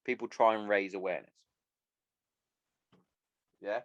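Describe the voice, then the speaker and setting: A man's voice: on the low side, fairly even intonation, a little slow, no room sound, dull audio. A man hosting a solo podcast, ranting bluntly and swearing a lot. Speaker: podcast host.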